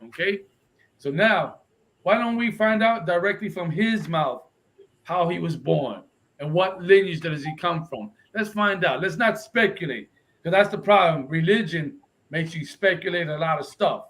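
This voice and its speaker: On a low-quality recording, a man with a slightly bright, higher voice speaks a little slowly. He's a religious instructor giving a confrontational Bible lesson that switches between Spanish and English, and he emphatically drops repeated "right?" to push his listeners into agreeing.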